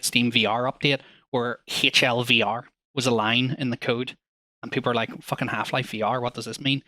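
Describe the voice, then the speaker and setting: A man talks games with fluent enthusiasm, his voice bright and recorded close and dry. He swears freely as he explains things. This is relaxed podcast banter. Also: mid-range voice, no room sound. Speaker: podcast co-host. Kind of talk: casual gaming chat.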